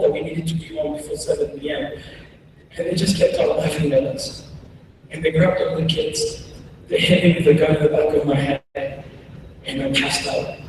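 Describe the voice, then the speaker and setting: A man giving a keynote speech, telling a personal story in slow, measured phrases with dramatic pauses. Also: on the high side, a little mellow, slight background noise. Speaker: keynote speaker. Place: large conference hall. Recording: echoey hall recorded from far off.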